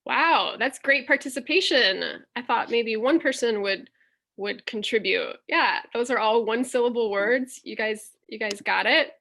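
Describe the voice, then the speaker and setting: Here the woman's voice sits on the high side, gravelly, pushed and bright, and she takes her time. Presenting a workshop over a video call with a computer mic, she patiently walks through the vowels step by step in an online teaching demonstration.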